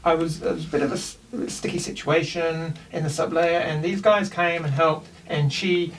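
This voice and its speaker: A man's voice: fairly high pitch, fairly even intonation, moderate pace, recorded from a distance, a little hiss or hum, natural voice, rough recording. A man voicing a female warrior who brags about her fighting, then hedges and rambles as her confidence slips. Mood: boastful. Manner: rambling, self-aggrandizing, hesitant. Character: female warrior, bragging, losing her nerve.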